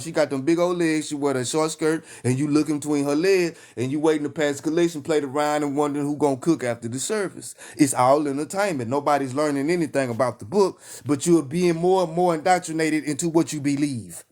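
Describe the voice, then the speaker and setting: A man's voice: a little high, a little mellow. A man with a Texan accent preaching with fire in a live stream, emphatic and repetitive, hammering his lines like a call and response. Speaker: online preacher.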